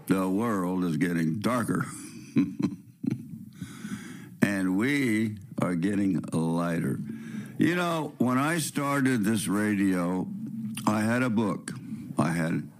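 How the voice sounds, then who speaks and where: A man hosting a spiritual radio show, with a raspy voice and the sniffles from a cold. He talks in a preachy, rambling way, firing rhetorical questions and restarting his sentences. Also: lowish voice, expressive, slow pace, pauses often.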